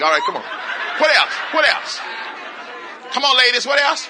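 A man preaching an interactive sermon, coaxing answers from the congregation and repeating phrases in quick call-and-response bursts. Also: sits high, animated, a crowd in the background. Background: congregation voices and laughter.

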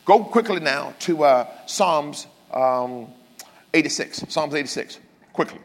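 An older pastor preaching a sermon, swinging from loud passages to hushed ones, with humorous asides to the congregation. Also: male voice, on the high side, lively intonation, a little slow, in a large hall. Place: church.

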